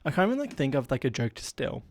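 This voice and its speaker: A man's voice: medium pitch, sing-song, fast talker, a little hiss or hum. A man hosting a solo comedy podcast, rambling and self-deprecating with lots of fillers and a stuffy nose. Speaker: podcast host.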